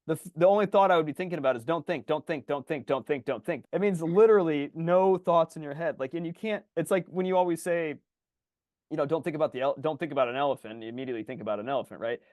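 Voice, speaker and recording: A man co-hosting a podcast in casual chat, telling animated stories and swearing freely as he acts out his own frustrated yelling. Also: a little high, rapid-fire, no room sound, clean studio sound. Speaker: podcast co-host.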